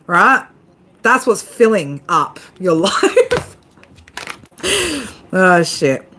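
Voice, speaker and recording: A woman's voice: medium pitch, very animated, slow pace, pauses often, a bit bright, a little hiss or hum. A woman giving a casual tarot reading to her viewers, swearing freely, laughing often and talking straight to them. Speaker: tarot reader.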